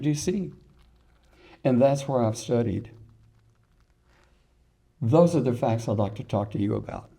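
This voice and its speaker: Folksy older man with a very dark voice. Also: mid-range voice. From Texas. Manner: folksy, storytelling, with rhetorical questions. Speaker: history lecturer. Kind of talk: public lecture.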